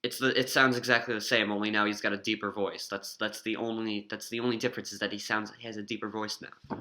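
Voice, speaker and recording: A man's voice: lowish voice, flat delivery, fast, sharp tone. A man giving a blunt, dismissive review. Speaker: guest reviewer. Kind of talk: casual ranting review.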